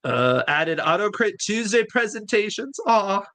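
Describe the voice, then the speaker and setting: A man's voice: sits high, very animated, measured pace, pushed and bright. A man hosting a livestream chat, enthusiastic and rambling, who laughs often. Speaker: host.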